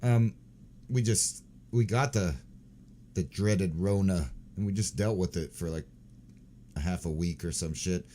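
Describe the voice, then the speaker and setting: A man's voice: deep voice, a little slow, pauses often, warm tone, slight background noise. A man in his forties hosting a show, giving crude, sarcastic, rambling commentary on news clips and swearing often. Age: 40s. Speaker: host.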